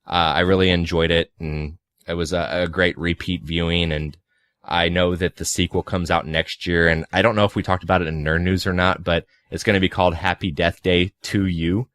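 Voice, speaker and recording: A man in his twenties with a very low voice chats loosely about movies on a podcast, piling up fillers and dropping sarcastic asides. The sound is dry and close, with no room around it. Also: little pitch movement, moderate pace, a bit bright, no room sound. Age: 20s. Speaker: podcast co-host.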